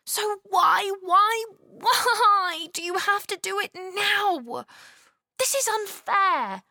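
Storybook kid: woman playing a sulky little girl, very high, whiny, dry close sound. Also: expressive, very slow, pushed and bright, dry recording, exaggerated voice. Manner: whiny, high-pitched protests. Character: little girl, grumpy and impatient.

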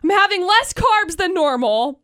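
High, lively young woman radio co-host. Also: unhurried, no room sound, clean studio sound. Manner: animated storyteller, laughs while telling. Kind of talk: casual morning radio banter.

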